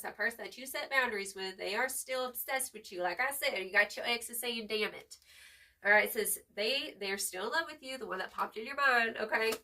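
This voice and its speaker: Woman, tarot reader, bright higher voice, slangy and swearing, mic a little off. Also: distant mic. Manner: expressive, slangy, swears freely, hypes the viewer up. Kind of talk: casual tarot reading to camera.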